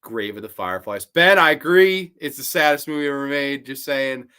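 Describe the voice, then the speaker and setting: A man's voice: medium pitch, moderate pace, sharp tone, smooth. A man hosting a podcast in casual chat, earnest and emphatic, with frequent restarts. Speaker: podcast host.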